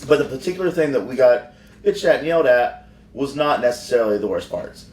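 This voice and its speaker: A man's voice: medium pitch, lively intonation, a little fast, a little mellow. A male wrestler casually telling a rambling, profane backstage story on a podcast. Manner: rambling, profane, frequent restarts. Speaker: professional wrestler. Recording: roomy sound from far off.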